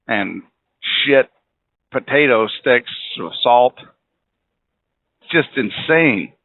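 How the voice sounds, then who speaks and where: A man hosting a podcast, rambling bluntly and swearing freely while driving in a car. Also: mid-range voice. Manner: rambling, profane, blunt opinions. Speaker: podcast host. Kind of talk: casual monologue. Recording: tinny phone-like audio.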